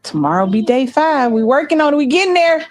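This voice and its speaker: A woman's voice: high voice, lively intonation, brisk, low-quality recording. A middle-aged woman hosting a livestream, rambling and chatting straight to her viewers in a casual, unscripted way. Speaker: livestream host.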